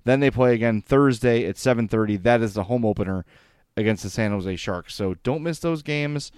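Chatty sports podcast host. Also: male voice, mid-range voice, clear, resonant tone, no echo, studio quality. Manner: enthusiastic, chatty, gets choked up. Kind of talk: casual sports podcast chat with sponsor reads.

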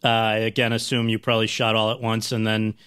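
A man's voice: on the low side, completely flat delivery, fast, fairly bright tone, clear, resonant tone. A man hosting an interview, asking long, searching questions with hesitant fillers. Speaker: interview host.

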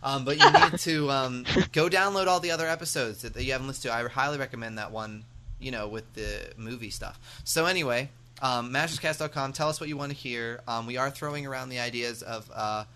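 A man's voice: medium pitch, a little fast, pushed and bright, slight background noise. A man hosting a podcast, chatting casually and rambling with lots of fillers. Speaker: podcast host.

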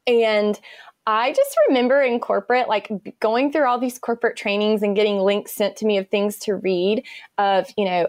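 A woman's voice: medium pitch, no room sound, studio quality. A woman in her thirties with an American accent, a podcast guest chatting casually and telling stories with lots of fillers and enthusiasm. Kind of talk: casual interview chat.

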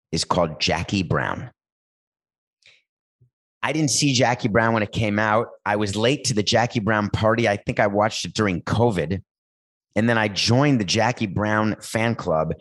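A man hosting a talk show, riffing playfully and rambling, with sudden jumps in pitch. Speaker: show host. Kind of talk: comedic talk-show monologue with ad read.

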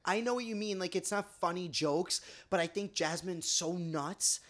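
A woman's voice: lowish voice, moderate pace. A woman co-hosting a casual chat podcast, talking enthusiastically. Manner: enthusiastic, gushing. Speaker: podcast co-host.

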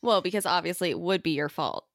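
A woman's voice: fairly low pitch, fast, creaky, no room sound. Dry-sounding giggly woman host. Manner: giggly, relaxed, swears casually. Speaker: podcast host. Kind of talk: casual chat.

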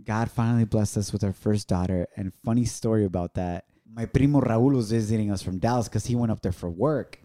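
A man's voice: lowish voice, brisk, few pauses. A man co-hosting a podcast, telling a story casually and acting out the quoted dialogue with energy. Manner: animated, acts out quoted dialogue. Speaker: podcast co-host.

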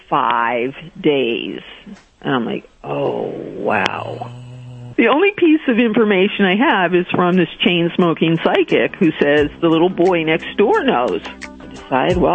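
A woman, a therapist and guest author, telling a story in a radio interview and acting out the voices she quotes. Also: sits low. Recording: dull lo-fi sound with faint noise.

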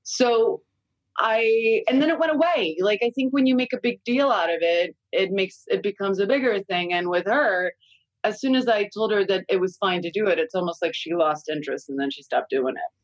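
Brief: woman, forties, blunt and candid podcast guest who swears freely, mid-pitched voice, dry close mic. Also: moderate pace, dry recording, rough recording. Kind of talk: casual podcast chat.

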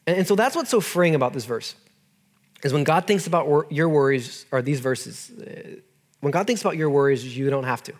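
A man's voice: on the high side, fast talker. A young man preaching a sermon in a casual, earnest way to a group in a room. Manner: casual, earnest, talks to listeners as "dude". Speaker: youth pastor.

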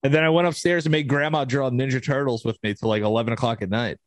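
A man's voice: mid-range voice, steady tone, quick pace, no room sound. A man in his twenties, co-hosting a podcast, telling a family story in a casual, rambling way and acting out the quotes. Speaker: podcast co-host.

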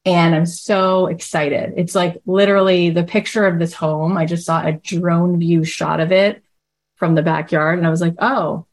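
A woman hosting, telling a casual story in a chatty, animated way, often acting out quoted dialogue and saying "like" a lot. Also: fairly low pitch, moderate pace.

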